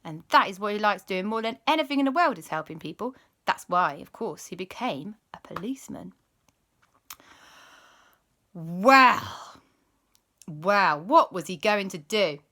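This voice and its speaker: A woman telling a children's story as host, animated and dropping into spooky whispers. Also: medium pitch, moderate pace, long pauses.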